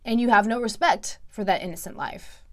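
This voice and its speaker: A woman's voice: mid-range voice, normal speed. A woman giving emphatic, preachy commentary in a reaction video, repeating herself for stress.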